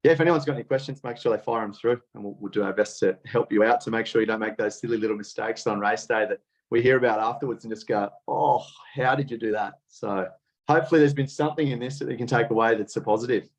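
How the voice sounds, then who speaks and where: A man's voice: medium pitch, fast talker. An Australian man coaching as a guest on a casual podcast over an online call, laid-back and encouraging. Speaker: triathlon coach.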